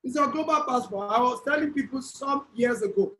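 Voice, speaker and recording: Lively Nigerian man telling a story. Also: extremely high pitch, a little fast, a little hiss or hum, poor audio. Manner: lively storyteller who asks the audience to type replies. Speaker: speaker at an online business summit. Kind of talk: motivational talk with a story.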